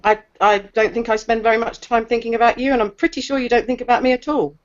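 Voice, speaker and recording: Brief: sarcastic, stammering woman, fairly high voice, muffled online call sound. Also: steady tone, fast. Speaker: guest in online hangout. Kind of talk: casual argumentative chat.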